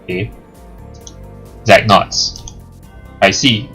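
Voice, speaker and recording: Let's play host, male, lowish voice, casual, jokey, reads narration aloud. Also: drawn-out words, soft background music. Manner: joking, laughs at the story, gets loud when excited. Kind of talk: reading game text aloud with casual commentary.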